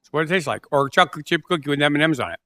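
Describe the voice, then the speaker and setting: A man's voice: fairly high pitch, lively intonation, racing, pushed and bright. A man co-hosting a casual talk show, giving laid-back, dry replies while tasting snacks. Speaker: podcast co-host. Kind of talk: casual chat.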